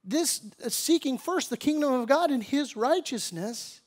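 Male pastor, sermon, very high voice, conversational with slangy asides, rises when exhorting. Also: expressive, normal speed, hardly any pauses. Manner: conversational preaching, grows louder and higher when exhorting.

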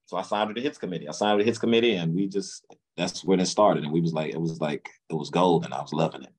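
A low-pitched man with a Memphis Southern accent tells a long, rambling story in a relaxed interview. He repeats and restarts words and acts out other people's lines in a raised voice. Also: quick pace. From Memphis, Tennessee, US. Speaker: guest, music executive.

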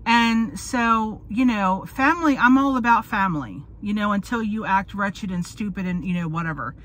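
A woman's voice: medium pitch, normal speed, a bit bright. A woman in her forties chatting casually in a car, rambling and losing her train of thought. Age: 40s. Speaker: vlogger. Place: in a parked car.

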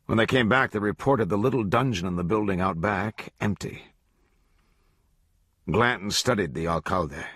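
A man reading a novel aloud as an audiobook narrator, in a steady, measured delivery. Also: fairly low pitch, slightly rough, no echo, clean studio sound. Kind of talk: scripted narration.

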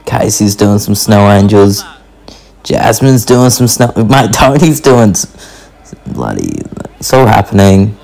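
A man's voice: lowish voice, expressive, takes it slowly, gravelly, darkish tone. A young man, vlogging casually and calling everyone mate. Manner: slangy, says mate constantly. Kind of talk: casual vlog narration.

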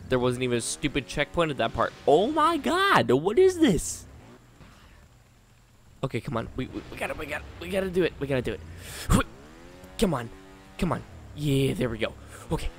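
This fast-talking gaming channel host provides live commentary, addressing both himself and the game. He alternates between quiet muttering and exasperated outbursts, with slight background noise present.

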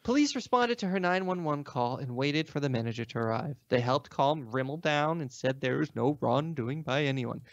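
A man reading news stories aloud and adding crude, deadpan asides as host. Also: medium pitch, normal speed, hardly any pauses, no echo. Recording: dull dry sound.

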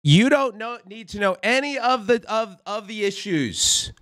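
A man's voice: sits high, animated, unhurried, fairly bright tone, no room sound, clean studio sound. A man hosting a satirical political commentary show in a mock-preachy, sarcastic, folksy manner. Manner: sarcastic, folksy, keeps calling viewers "friends".

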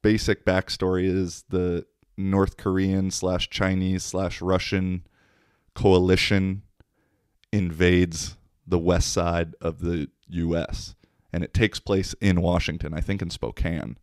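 A laid-back American man hosts his podcast, telling casual stories full of swearing. His voice is low and deep. The sound is dry and close, with no room echo. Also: little pitch movement, takes it slowly, a little mellow, smooth. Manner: profane, laid-back storyteller. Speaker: podcast host. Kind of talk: casual storytelling monologue.

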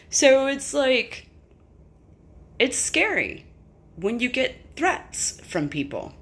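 A woman's voice: on the high side, sing-song, slow, a bit bright. A middle-aged woman telling a personal story in a candid, emphatic way, swearing freely. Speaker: vlogger. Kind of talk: casual storytelling to camera.

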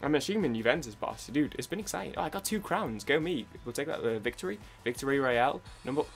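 A man's voice: mid-range voice, animated, fast, creaky, faint music behind. British young man, gaming YouTuber, loose rambling commentary with lots of false starts. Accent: British English. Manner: rambling, full of restarts and idle humming.

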